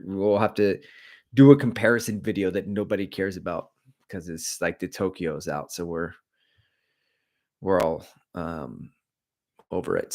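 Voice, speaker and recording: A middle-aged man with a deep, low voice hosts a running livestream. He talks candidly and rambles, cracking jokes as he moves from one thing to the next. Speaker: running channel host. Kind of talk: casual livestream chat.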